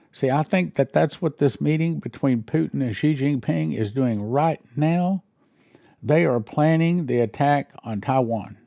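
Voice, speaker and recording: A church minister reading news headlines aloud and breaking in with wry, sarcastic asides and questions he thinks through out loud. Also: medium pitch, lively intonation, normal speed, gravelly, no echo, clean studio sound.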